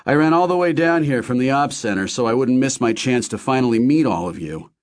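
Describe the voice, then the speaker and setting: A man's voice: medium pitch, expressive, fairly quick, pitched above the performer's own voice, close to an everyday voice. A man voicing a cheerful middle-aged male company founder, friendly and gracious in an audiobook.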